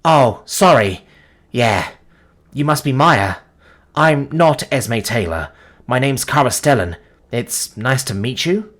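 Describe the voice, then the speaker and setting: A man voicing a young woman clone who talks in a hesitant, halting way. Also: medium pitch, expressive, fairly bright tone. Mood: apologetic.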